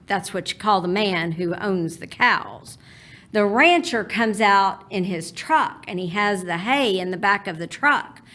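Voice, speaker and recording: A woman voicing her feisty Texan mother, loud and insistent, with a Texas drawl. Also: medium pitch.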